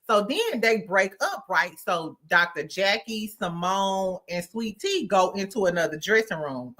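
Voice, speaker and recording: A woman's voice: medium pitch, expressive, a little slow, fairly bright tone. A woman hosting a casual, slangy recap chat, acting out quotes and laughing often. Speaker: podcast host.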